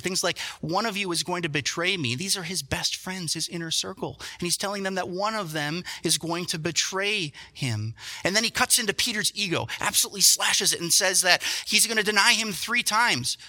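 Bright-voiced animated male preacher. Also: sits high, fairly quick, few pauses. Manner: animated storytelling, self-deprecating asides. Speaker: pastor. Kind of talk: sermon.

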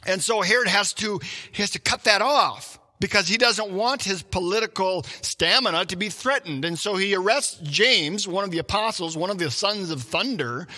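Bright, lively-voiced male preacher. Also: high-pitched, in a large hall. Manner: animated storyteller, acts out shouts and his own thoughts. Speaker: pastor. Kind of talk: sermon with personal story.

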